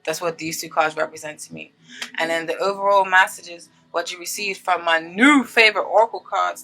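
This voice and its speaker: A woman's voice: fairly low pitch, fairly even intonation, fairly quick, pushed and bright, faint music behind, poor audio. A woman giving a casual tarot reading to her viewers, chatty and earnest, often checking in with "okay?" as she reads card meanings aloud and comments on them. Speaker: tarot reader.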